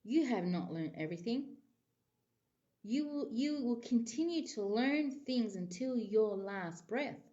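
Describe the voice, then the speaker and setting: A woman's voice: a little high, expressive, unhurried, warm tone. Aussie lady doing a chatty tarot reading, rambles a lot, muffled lo-fi sound. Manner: rambling and chatty, full of "you know". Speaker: psychic tarot reader. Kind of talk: casual tarot reading to camera.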